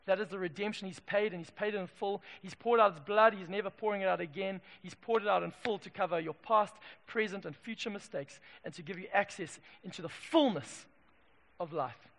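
Man preaching with a gravelly voice in a hall. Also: high-pitched, brisk, few pauses. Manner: dramatic storytelling, building to loud peaks then dropping soft. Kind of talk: sermon. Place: church hall. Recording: long hall reverb.

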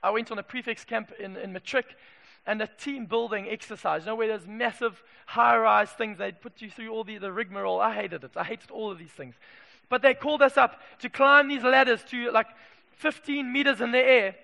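High-voiced, passionate male preacher. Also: steady tone, fairly quick, gravelly. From Zimbabwe. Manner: passionate, swings from hushed to shouting. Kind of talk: sermon. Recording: echoey hall reverb.

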